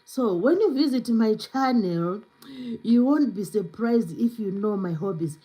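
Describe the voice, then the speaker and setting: A woman's voice: mid-range voice, lively intonation, measured pace, warm tone, rough recording. A woman hosting a live stream in a casual, chatty way with lots of fillers, speaking English with an accent. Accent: non-native English accent. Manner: chatty, many fillers, reads viewer comments aloud. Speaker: livestream host.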